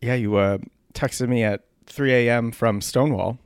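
A man's voice: medium pitch, steady tone, normal speed, clear, resonant tone, dry recording. A young man co-hosting a podcast, teasing his friend and laughing often. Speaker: podcast co-host. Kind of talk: casual chat.

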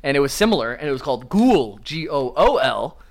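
A man's voice: medium pitch, big pitch swings, fairly quick. A man co-hosting a casual gaming podcast, laughing often and sharing fun facts. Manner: laughs often, shares trivia. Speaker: podcast co-host. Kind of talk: casual chat.

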